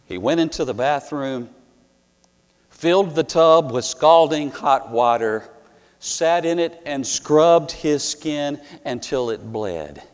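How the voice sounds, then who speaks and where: Male preacher, slow and earnest, dramatic pauses, reverberant hall. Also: mid-range voice. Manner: earnest, dramatic pauses, swells louder on scripture. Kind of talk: sermon with personal story.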